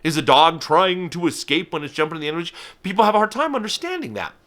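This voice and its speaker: A man's voice: a little high, fast talker. A man who is a falconer, giving an educational talk to camera with lots of restarts and a habit of slipping into playful voices. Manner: animated, with frequent restarts and playful put-on voices.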